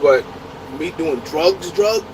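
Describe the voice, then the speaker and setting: A truck driver telling a story in casual, profane, laughing talk. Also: male voice, fairly high pitch, expressive, takes it slowly, noisy background. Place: inside a truck.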